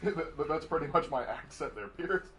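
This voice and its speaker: A man's voice: a little high, animated, moderate pace, fairly bright tone, a little hiss or hum. A man co-hosting a game stream, reading chat and teasing in casual talk. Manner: jokey, teasing.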